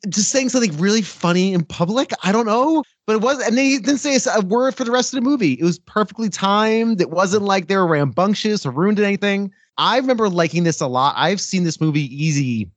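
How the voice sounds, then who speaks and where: A man's voice: high voice, a little fast, hardly any pauses, dry recording. A man co-hosting a movie podcast, chatting casually and telling stories with laughs. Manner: animated, laughing storyteller. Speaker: podcast co-host.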